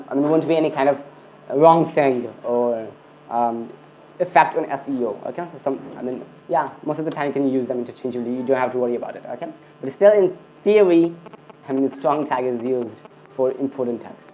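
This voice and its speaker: A man's voice: medium pitch, a little hiss or hum. A man giving a screencast coding lesson, filling his talk with "okay" and "I mean" and often restarting his sentences. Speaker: coding tutor. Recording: dull lo-fi recording.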